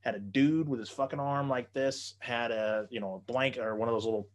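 A man telling stories in a casual chat, profane and animated, often acting out the people in his stories. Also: medium pitch, fairly quick.

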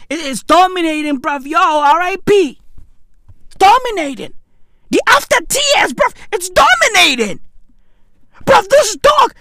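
A woman's voice: high voice, fairly bright tone, dry recording, clean studio sound. A woman delivering a profane, slangy comedic rant, keeps asking "right?" for emphasis.

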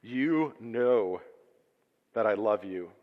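A man putting on a hushed, hurt fisherman. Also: lowish voice, expressive, drawn-out words, highs cut off. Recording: reverberant church hall.

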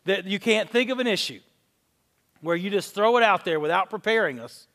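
High-voiced pastor preaching in a hall. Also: male voice, expressive, a little fast, fairly bright tone. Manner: candid, storytelling with self-deprecating humor. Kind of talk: conversational sermon. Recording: long reverb of a large hall.

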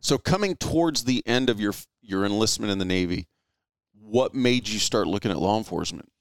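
Smooth-voiced man hosting an interview. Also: fairly low pitch, animated, brisk, no room sound. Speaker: podcast host. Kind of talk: interview questions.

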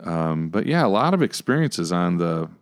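A man, a pastor, telling stories in a relaxed podcast conversation, acting out his own reactions along the way. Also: deep voice, moderate pace. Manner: animated, acts out his own past reactions. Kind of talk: casual conversational storytelling.

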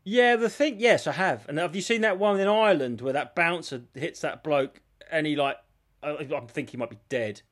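A man co-hosting a podcast, telling stories in an animated casual chat and swearing freely. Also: a little high, normal speed. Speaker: podcast co-host.

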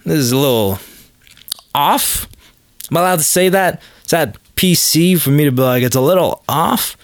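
A man's voice: a little high, animated, moderate pace, no echo, clean studio sound. A man hosting a comedy podcast, talking in a hesitant, rambling, awkward way full of fillers. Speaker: podcast host. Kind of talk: comedic banter.

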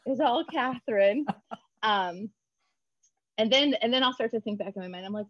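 A woman's voice: medium pitch, moderate pace, no echo. Bubbly chatty woman author, dull dry sound. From United States. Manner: bubbly, chatty, laughs often, restarts. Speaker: children's book author, guest. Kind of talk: casual interview chat.

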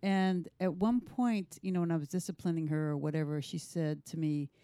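A woman's voice: low voice, fairly even intonation, normal speed, dark tone, no room sound, studio quality. An older woman, a guest mother, telling family stories in a thoughtful, hesitant way. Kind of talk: casual storytelling.

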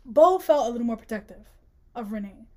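A woman co-hosting a podcast, chatting casually about a book, slangy and animated, acting out the characters' lines as she retells scenes. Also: fairly high pitch, brisk. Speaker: podcast co-host. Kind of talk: casual book-discussion chat.

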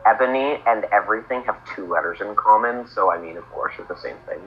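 A man co-hosting a comedic read-along, with dry deadpan sarcasm. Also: fairly low pitch, fast, muffled recording, slight background noise. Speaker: podcast co-host.

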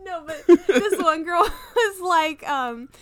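A woman's voice: very high voice, animated, slow pace, a crowd in the background. A young woman co-hosting a podcast from home in casual chat. She giggles often and fills her talk with "like.". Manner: giggly, chatty, many "like" fillers. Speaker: podcast co-host. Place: room at home.

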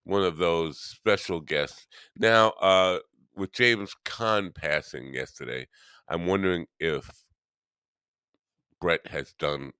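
A man's voice: deep voice, bright, forceful tone, clear, resonant tone, no echo, clean studio sound. A man hosting a morning live stream, chatting casually with viewers in a rambling, self-deprecating way while still half awake.

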